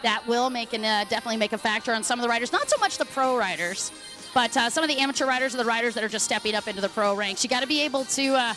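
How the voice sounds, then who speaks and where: A woman's voice: a little high, bright, forceful tone, faint music behind. A woman from Dallas doing chatty, upbeat live race commentary. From Dallas, Texas. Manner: chatty, upbeat, quick-talking.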